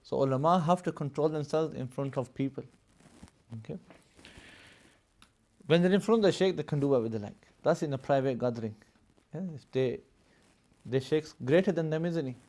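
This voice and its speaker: Man, classroom teacher, slightly high voice, explanatory, laughs between points, keeps asking "yes?". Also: fairly quick, long pauses, a little mellow. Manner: laughs often mid-explanation. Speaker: religious studies teacher. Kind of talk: live classroom lesson.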